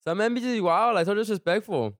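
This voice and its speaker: A man's voice: sits high, brisk, no echo, studio quality. A young man co-hosting a casual chat, talking in profane slang with frequent restarts.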